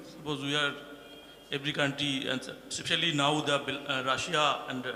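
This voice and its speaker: A man in the audience asks a question, halting and searching for words. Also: medium pitch, level tone, pushed and bright. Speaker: audience member asking a question. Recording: echoey hall with faint noise.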